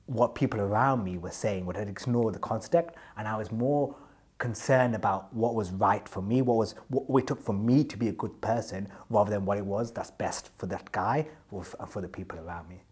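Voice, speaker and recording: A man telling a humorous personal story to an audience, animated and candid, acting out the lines of the people in it. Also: lowish voice, moderate pace, slightly rough. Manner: animated, acts out other people's quoted lines; self-reflective, candid.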